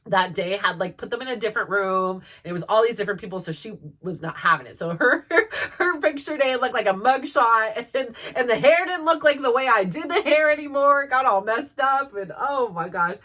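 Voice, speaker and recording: A woman's voice: a little high, lively intonation, fairly quick, pushed and bright, distant mic. A woman telling personal stories in a chatty way, laughing often and filling with "like". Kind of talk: personal storytelling.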